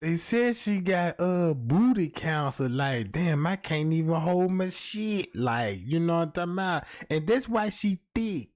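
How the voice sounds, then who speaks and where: A man hosts a comedic livestream rant, swearing freely and talking straight to his chat. His pitch swings up and down with lively energy. He keeps asking the chat if they follow him. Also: unhurried, hardly any pauses. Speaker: livestream host.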